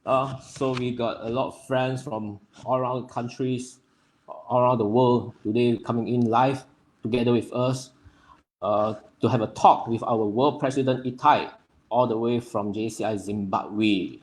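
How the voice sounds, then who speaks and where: A young man from Nepal speaks as he hosts a livestream, greeting viewers one by one by name. His delivery is casual and halting, with plenty of fillers as he reads out the chat. His voice sits at an ordinary, middle pitch. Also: fairly even intonation, darkish tone. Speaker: livestream host.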